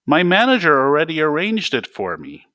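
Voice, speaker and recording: A man's voice: a little high, very animated, normal speed, pushed and bright, voice pushed up. A man reading a novel aloud, voicing a smug, cocky young male pop star in a raised, self-assured voice.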